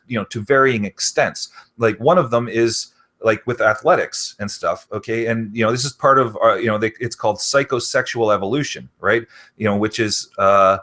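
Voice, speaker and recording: A man's voice: lowish voice, fairly bright tone. A man talking in a rambling casual conversation, full of fillers like "you know" and "okay".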